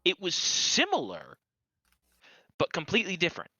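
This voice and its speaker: A man co-hosting, chatting casually and in a lively way about games. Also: high voice, normal speed, no echo. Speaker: co-host commentator. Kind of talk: casual banter. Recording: dull, dry lo-fi mic.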